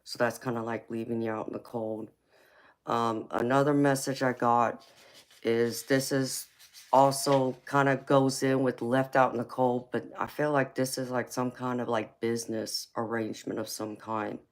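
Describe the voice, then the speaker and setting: A woman with a Southern US accent doing a chatty live-stream tarot reading, speaking in a relaxed drawl and calling her viewers y'all. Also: rumbling low, moderate pace. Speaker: tarot reader.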